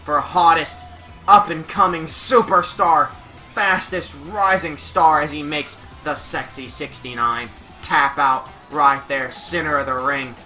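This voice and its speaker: A young man calls a wrestling video game match in a very bright, forceful voice, pitched a touch high. He builds into shouts at the big moves, and his voice is wearing slightly from use. Faint music runs behind him. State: losing his voice a little. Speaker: play-by-play commentator.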